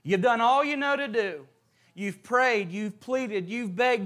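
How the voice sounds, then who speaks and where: High-voiced preacher. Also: male voice, lively intonation, takes it slowly, a bit bright. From West Virginia. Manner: reads scripture, prays, then tells stories with rising emphasis. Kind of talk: sermon.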